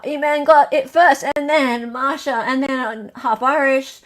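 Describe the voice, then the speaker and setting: A woman's voice: high voice, fairly even intonation, slow, few pauses, a bit bright. A woman with an Australian accent hosting a casual livestream, chatting loosely and reading out quiz questions in a sing-song list. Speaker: livestream host.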